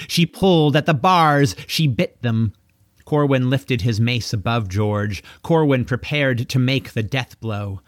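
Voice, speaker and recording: A man narrating a children's novel, reading in an expressive storytelling manner. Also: mid-range voice, no room sound, clean studio sound. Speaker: audiobook narrator. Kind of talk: audiobook reading.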